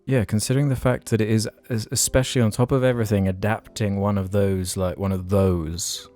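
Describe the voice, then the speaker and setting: A man's voice: on the low side, fairly even intonation, brisk, darkish tone, soft background music. A man co-hosting a casual podcast, rambling with lots of fillers as he chats and reads out listener questions. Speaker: podcast co-host.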